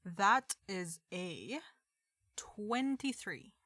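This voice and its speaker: Woman player, slow, deliberate, dry sound. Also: mid-range voice, sing-song, bright, forceful tone, dry recording. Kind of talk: casual tabletop play.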